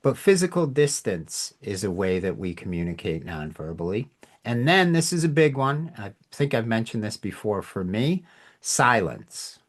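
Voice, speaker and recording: A man's voice: on the low side, sing-song, normal speed. A man hosting a communication podcast, giving an informal lesson in a reflective, emphatic way. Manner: reflective, emphatic, acts out tones in examples. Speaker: podcast host teaching communication.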